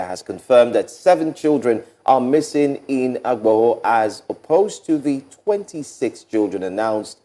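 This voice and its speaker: A man's voice: fairly low pitch, mellow. A man hosting a morning TV news show, reading headlines with casual asides to viewers. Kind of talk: TV news presenting.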